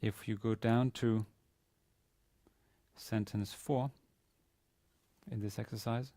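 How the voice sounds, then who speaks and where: Male university lecturer, low mellow voice, hesitant and explanatory, dry close sound. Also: fairly even intonation, takes it slowly, no room sound. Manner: hesitant, explanatory, many fillers and restarts. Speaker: Arabic teacher. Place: university teaching room.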